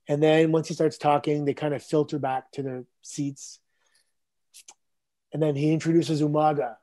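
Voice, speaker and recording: Animated man with a mellow voice. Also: a little high, moderate pace. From Canada. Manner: animated, acts out quotes. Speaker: guest. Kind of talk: casual storytelling.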